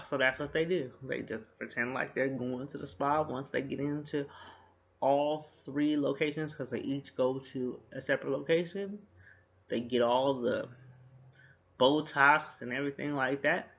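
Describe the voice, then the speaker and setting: Gravelly man recapping a TV episode. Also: medium pitch. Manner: animated retelling, acts out characters' lines with laughter. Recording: dull lo-fi recording.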